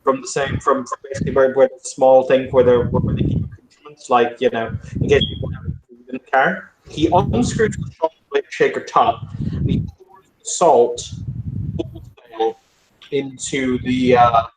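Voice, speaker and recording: Man, tabletop player, rambling explanations, mid pitch, echoey room. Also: normal speed. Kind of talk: tabletop role-play table talk.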